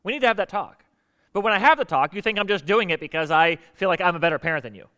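A middle-aged pastor with a bright, forceful voice that sits a little high for a man. He preaches conversationally, throwing questions to the congregation and acting out the people he quotes. The sound carries a long reverb from a large hall. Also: expressive, fast talker, smooth. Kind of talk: sermon.

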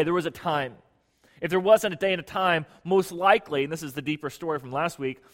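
A man preaching a sermon as pastor in a church, talking conversationally with restarts and repeated words, swinging between emphatic loud bursts and hushed asides. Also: fairly high pitch. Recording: long hall reverb.

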